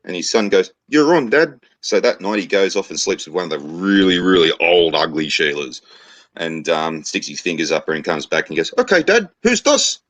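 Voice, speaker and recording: A man with a very deep, low Australian voice spins crude jokes and yarns in easygoing chat. His speech is laid-back and full of swearing and local slang. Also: steady tone, a little fast, fairly bright tone. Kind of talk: casual crude joke-telling chat.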